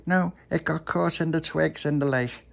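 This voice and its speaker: A man voicing an excitable little boy in a spoken bedtime story, in a high squeaky childlike voice. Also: normal speed, creaky. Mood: excited. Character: excitable little boy who owns the boat.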